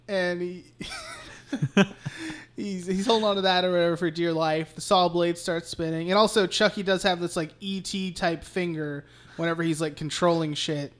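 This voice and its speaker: A man's voice: high-pitched, a bit bright. A man co-hosting a podcast, retelling a horror movie plot in a rambling, profane, casual way. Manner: rambling, profane, laughing recap. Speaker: podcast co-host. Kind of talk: casual movie recap chat.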